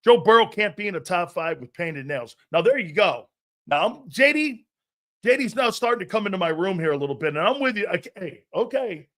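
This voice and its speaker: A man hosting a live sports talk show, brash and animated, talking back to his chat and laughing at himself. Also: sits high, a little fast.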